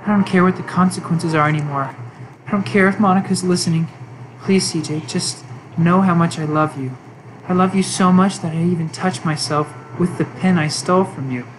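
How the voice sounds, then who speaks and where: A woman voicing an obsessive, intense young woman, reading game dialogue in a slow, intimate, creepy tone. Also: lowish voice, background noise, natural voice.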